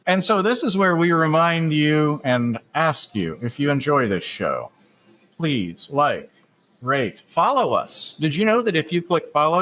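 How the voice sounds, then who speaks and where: A man in the middle of his range hosts a casual sports talk show. He rambles from one tangent to the next with a relaxed, conversational rhythm and frequent filler words. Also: mid-range voice, slight background noise. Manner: chatty, many "uh" fillers, laughs at his own asides. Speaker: podcast host.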